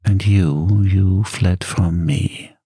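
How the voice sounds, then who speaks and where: A man voicing a lovelorn, pleading young wife in a soft-spoken storybook reading. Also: sits low, drawn-out words, slightly rough, no room sound, heavily acted.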